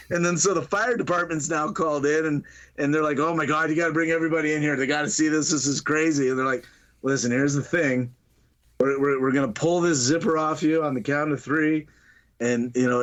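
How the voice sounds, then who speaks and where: A podcast co-host with a higher, slightly bright voice casually retells a funny movie scene. He laughs often and acts out the characters' lines.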